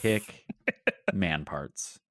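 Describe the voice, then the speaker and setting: A man's voice: low voice, very slow, fairly bright tone, dry recording, studio quality. A man co-hosting a casual podcast, throwing in wisecracks. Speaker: podcast co-host. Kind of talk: casual chat.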